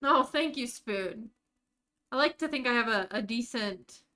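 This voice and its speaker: A woman's voice: fairly high pitch, animated, unhurried, pushed and bright. An American woman streaming a game live, chatting casually and talking to her viewers by name while she plays.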